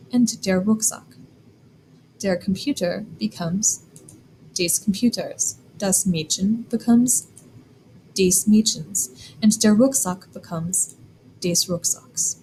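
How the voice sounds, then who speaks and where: A woman explaining German grammar in a clear, deliberate lesson, slowing down to spell out examples. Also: medium pitch, mellow, a little hiss or hum, rough recording. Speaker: German teacher. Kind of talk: scripted classroom explanation.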